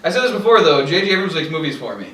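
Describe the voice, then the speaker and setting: A man's voice: fairly high pitch, big pitch swings, rapid-fire, distant mic, crowd noise. A man chatting enthusiastically with friends, repeating himself and joking. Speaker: podcast co-host. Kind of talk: casual chat among friends. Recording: echoey room, voice from off-mic.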